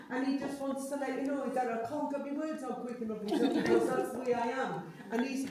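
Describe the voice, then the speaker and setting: Woman doing a live psychic reading, chatty, keeps checking in with the sitter, sounds far off in a big echoey room. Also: high voice. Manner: chatty, relays messages with frequent tag questions. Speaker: medium giving a reading.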